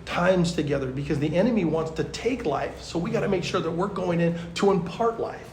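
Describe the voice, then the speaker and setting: A man, a pastor, teaching at a youth conference in a chatty, animated storytelling way, full of fillers. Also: high-pitched, a little fast, a little hiss or hum. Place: large conference hall. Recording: echoey hall.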